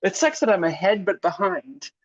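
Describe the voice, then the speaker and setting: A woman's voice: mid-range voice, very animated, moderate pace, no echo. Teasing woman on a slightly dull line. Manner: teasing, laughs often. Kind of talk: casual chat. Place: Australia.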